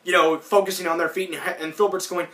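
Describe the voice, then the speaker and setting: A man's voice: sits high, flat delivery, fast talker, a bit bright, reverberant, distant mic. A man hosting a podcast, rambling through a cartoon episode recap in casual chat. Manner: rambling, acts out lines in put-on voices. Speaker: podcast host.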